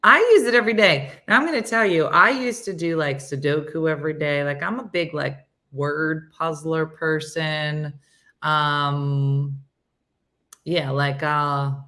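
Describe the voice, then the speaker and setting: A woman's voice: deep voice, pushed and bright. Chatty sixty-year-old woman host. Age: 60s. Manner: chatty and self-mocking, reading out comments by name. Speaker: show host. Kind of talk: casual chat reading viewer comments.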